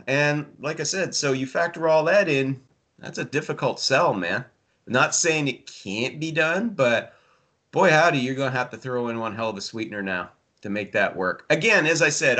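A man's voice: on the high side, moderate pace, bright, forceful tone. A man, a hockey writer, chatting casually about hockey with dry sarcasm and many fillers. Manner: sardonic, rambling, many fillers. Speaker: hockey writer and podcast regular. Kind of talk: casual sports chat.

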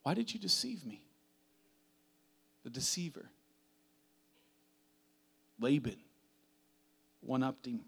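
A man preaching a sermon in a dramatic, chatty way, swinging from hushed to loud. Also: medium pitch, sing-song, slow pace, gravelly, pauses often, breathy edge. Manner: conversational, uses "like" often.

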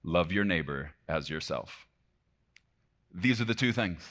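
A man preaching a sermon with fervor, swinging between loud emphasis and hushed lines, often checking in with the congregation. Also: deep voice, lively intonation, unhurried. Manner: talks to the congregation directly with frequent "okay?". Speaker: pastor.

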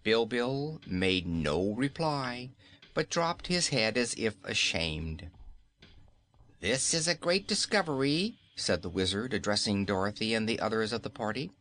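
A man narrating a children's storybook in measured audiobook style. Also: lowish voice, expressive, a bit bright.

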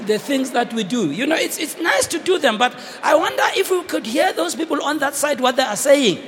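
A man's voice: very high voice, expressive, fairly quick. Man, South African accent, fiery sermon, long church reverb, faint noise. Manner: fiery, shouting, code-switching, theatrical. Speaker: preacher.

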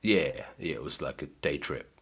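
A man guesting on a podcast, telling dry, deadpan comic stories in a casual chat. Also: extremely low pitch, moderate pace, gravelly, husky. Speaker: comedian guest.

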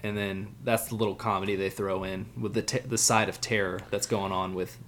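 A man's voice: lowish voice, flat delivery, fairly bright tone, slight background noise. A man co-hosting a casual podcast, recapping an anime episode in a blunt, joking way. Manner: joking, blunt, mimics characters in quick asides. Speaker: podcast co-host.

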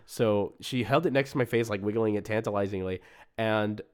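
A young man in casual chat, telling a story in a rambling, halting way, often laughing at himself. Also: lowish voice, clean tone. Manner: rambling, halting, laughs at his own stories. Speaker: co-host reading reviews.

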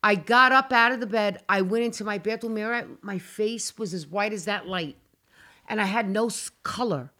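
A woman telling a frightening personal story on a casual talk show, animated and dramatic, acting out her own cries and swearing as she goes. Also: medium pitch, normal speed.

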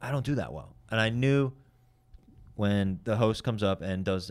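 A stand-up comedian telling a heated, profane story in casual chat. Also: male voice, fairly low pitch. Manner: fast, profane, heated retelling.

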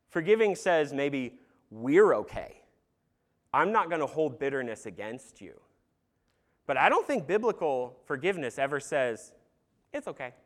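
A man preaching an earnest sermon in a conversational way, with casual fillers and some humor. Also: a little high. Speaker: pastor.

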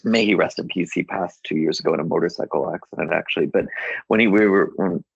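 A deep-voiced man tells a rambling personal story as an interview guest, restarting his sentences and acting out quoted lines. His voice is gravelly and husky. The sound is dry and a bit dull, like lo-fi podcast audio. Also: quick pace, no room sound. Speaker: guest author. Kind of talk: casual anecdotal storytelling.

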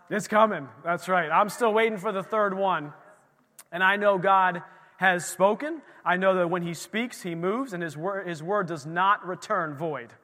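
A man in his thirties preaching a sermon in a church, telling stories with animated asides and acting out the voices of the people in them. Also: sits high. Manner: animated, acts out quoted voices, folksy asides. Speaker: pastor. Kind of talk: energetic sermon storytelling. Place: church sanctuary. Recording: reverberant hall.

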